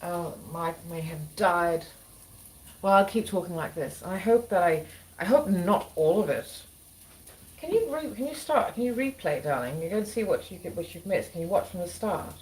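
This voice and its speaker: A woman's voice: on the low side, lively intonation, normal speed, a little mellow, poor audio. A woman hosting a casual live chat, rambling, apologizing and breaking off mid-thought. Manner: rambling, apologetic, self-interrupting. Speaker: livestream host. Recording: clear cooking noise behind.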